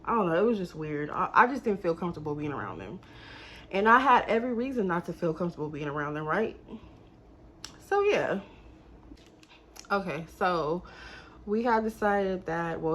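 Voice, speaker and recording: A young woman telling a story to her viewers in a casual, animated, exasperated way. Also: lowish voice, moderate pace, a little hiss or hum.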